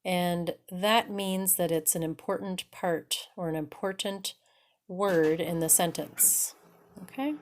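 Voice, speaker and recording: A woman's voice: fairly low pitch, fairly even intonation, takes it slowly, slight background noise. A woman teaching an English pronunciation lesson. She talks patiently and often checks in with "okay?".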